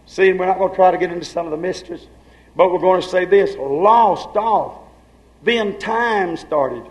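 Man, high-pitched, preacher, fervent sermon, hushed then shouting. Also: moderate pace, low-quality recording.

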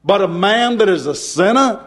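A man preaching a fervent sermon, hollering and getting excited, mimicking hecklers and answering them. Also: sits high, moderate pace.

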